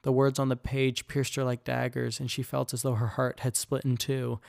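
A man reading an audiobook chapter in steady, even scripted narration. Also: medium pitch, normal speed, creaky, no room sound, studio quality.

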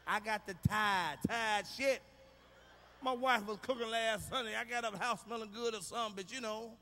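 A man doing a stand-up comedy routine on stage, ranting loudly with a profane, hard-hitting delivery. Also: high voice, moderate pace, big-room sound, slight background noise.

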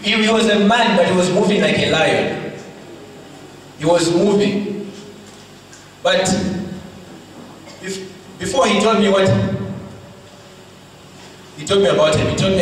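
A male preacher giving a fervent sermon, moving from shouted rebukes to hushed storytelling. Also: sits high, unhurried, pauses often, slight background noise. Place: large hall. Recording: echoey hall, mic far off, faint ambience.

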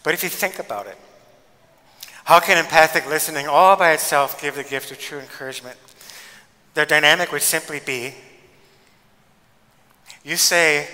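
A man, a pastor, giving a lecture with stories and acting out what people say in an emphatic, lively way. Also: a little high, moderate pace, pauses often, long reverb tail, rough recording. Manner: animated, emphatic, acts out quoted speech. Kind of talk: lecture with storytelling.

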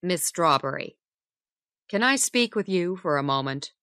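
Woman narrator as a gruff male police chief in a learner storybook; low, firm, slow. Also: expressive, pushed and bright, dry recording, clean studio sound, full character voice. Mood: insistent.

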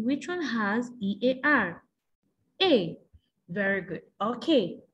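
A woman teacher taking young pupils through an exam revision lesson, asking patient prompting questions in a sing-song way. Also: a little high.

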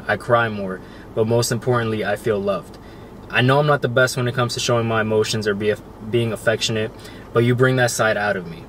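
A young man reading a heartfelt love letter aloud on a couple's vlog, soft and emotional, close to choking up. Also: medium pitch. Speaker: couple vlogger. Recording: faint background noise.

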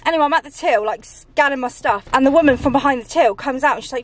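A woman's voice: high-pitched, racing, few pauses. A woman vlogging as a mother, chatting casually, swearing freely and laughing often. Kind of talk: casual vlog chat.

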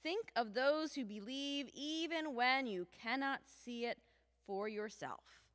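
A woman reading a calm, gentle storybook man. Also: sits high, takes it slowly, clean tone. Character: calm, gentle grown man speaking peace. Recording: long church reverb.

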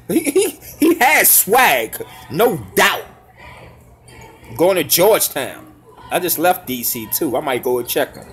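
Excitable male YouTuber, slangy reaction commentary, very animated pitch. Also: unhurried. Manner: excitable, hollers and laughs at big plays; casual slangy talk. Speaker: YouTuber reacting to basketball highlights.

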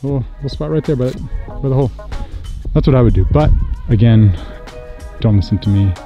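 A young man hosting his golf channel, giving playful commentary and hushing to a whisper before each shot, outdoors on a golf course. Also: medium pitch, a little fast, lo-fi sound, soft background music. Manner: excitable, hushes to a whisper before shots.

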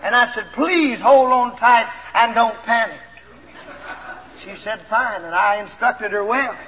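High-voiced preacher in an echoing hall. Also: male voice, a little slow. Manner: animated storytelling, exhortative. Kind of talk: sermon. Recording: 1970s LP sermon recording in a reverberant hall.

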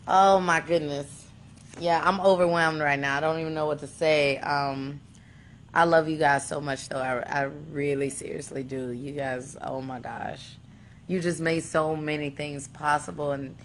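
Young woman, low and unhurried, tearful and halting, thanking fans, faint hiss. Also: fairly even intonation. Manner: tearful, halting, with restarts and soft laughs. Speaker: singing contestant addressing fans. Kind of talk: emotional thank-you video to fans.

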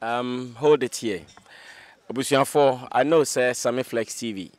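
A Ghanaian man hosting an interview, asking probing questions and speaking to viewers in a measured way. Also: medium pitch, fairly even intonation, no room sound. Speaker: host, interviewer. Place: outdoor location away from the studio.

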